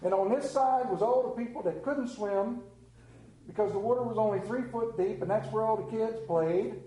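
A middle-aged male pastor preaching a sermon, telling the story with lively acted-out scenes and sudden drops to a hush. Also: moderate pace. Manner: animated storytelling, acts out scenes with big pitch swings. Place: room with a congregation. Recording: echoey room.

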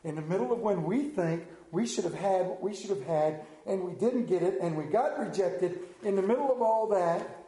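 A male pastor preaching a sermon, animated and self-deprecating, acting out scripture as he goes. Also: high-pitched, normal speed, roomy sound.

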